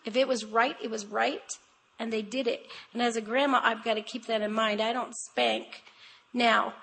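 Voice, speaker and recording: A woman's voice: a little high, steady tone, normal speed, gravelly, a bit bright, a little hiss or hum, rough recording. An older grandmother speaking as a guest at a women's conference, in a chatty, emphatic, sermon-style talk full of family anecdotes. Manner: chatty and emphatic, addressing the audience directly; homespun storytelling with family anecdotes.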